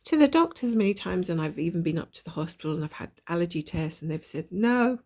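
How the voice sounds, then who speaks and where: A woman with a gravelly voice and a blocked nose from a cold, chatting casually and thinking aloud while she stitches, with a self-deprecating manner. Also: lowish voice, very animated, fast, warm tone. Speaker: cross-stitch vlogger. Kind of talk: casual stitch-along chat.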